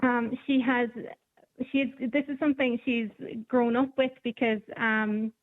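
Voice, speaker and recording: A woman's voice: fairly high pitch, fairly even intonation, unhurried. A woman reporter, chatting casually on the radio and telling stories with plenty of ums. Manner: chatty storyteller with many ums. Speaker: newspaper reporter. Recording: phone line.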